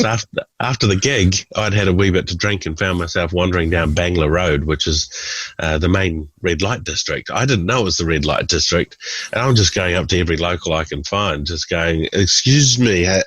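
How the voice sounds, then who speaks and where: A man in his forties, a stand-up comedian, telling anecdotes in an animated way as a guest. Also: deep voice, a little fast, no room sound, low-quality recording. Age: 40s. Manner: animated, does voices for characters. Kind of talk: storytelling anecdotes.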